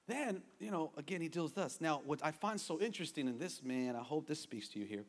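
Lively high-voiced preacher in a reverberant church. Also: male voice, fairly quick, few pauses. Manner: animated, playful, calls out to the congregation for amens. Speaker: pastor. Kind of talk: sermon. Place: church sanctuary with a congregation. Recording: long reverb of a large hall.

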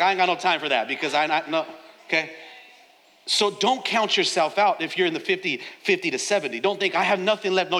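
High, bright-voiced man preaching loudly. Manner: swings from soft, tearful storytelling to loud shouted preaching. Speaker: pastor. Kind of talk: sermon. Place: large church hall. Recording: long hall reverb, faint room noise.

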